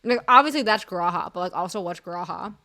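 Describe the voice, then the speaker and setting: A woman's voice: lowish voice, lively intonation, brisk, pushed and bright. A young woman streaming live, chatting casually to her viewers in a rambling, giggly, self-deprecating way with lots of fillers.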